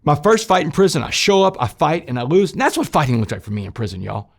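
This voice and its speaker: A man telling his personal story in an interview, shifting from loud, emphatic bursts to quiet, low passages and speaking straight to his listeners. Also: very animated, fast, vocal fry. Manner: addresses listeners directly as "y'all". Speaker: interview guest recounting his past.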